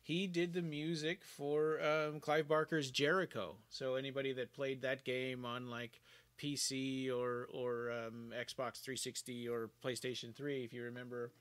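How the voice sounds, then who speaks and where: A man's voice: medium pitch, level tone, measured pace, fairly bright tone, clean tone. An American man with a neutral, news-like accent, co-hosting a podcast in casual, hesitant chat with many restarts. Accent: General American. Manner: hesitant, restarts a lot, easily amused. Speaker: podcast co-host.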